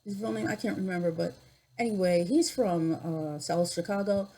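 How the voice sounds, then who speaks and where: A woman in her sixties telling personal stories in a vlog, reflective and unhurried, with pauses and restarts. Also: on the low side, warm tone, poor audio. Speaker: YouTuber.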